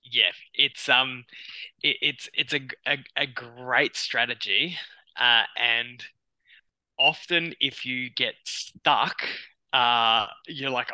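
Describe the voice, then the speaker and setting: A man with an Australian accent, a psychologist guest on a podcast, talking in a lively way with frequent restarts and acted-out quotes. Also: medium pitch, takes it slowly, no echo, poor audio. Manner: animated, acts out clients' inner voices, many restarts. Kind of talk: conversational podcast interview.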